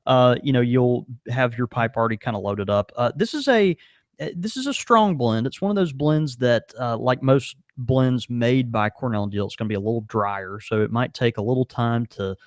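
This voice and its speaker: Animated, rambling podcast co-host. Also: male voice, medium pitch, normal speed, dry recording, clean studio sound. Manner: rambling, many fillers, animated. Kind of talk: casual chat.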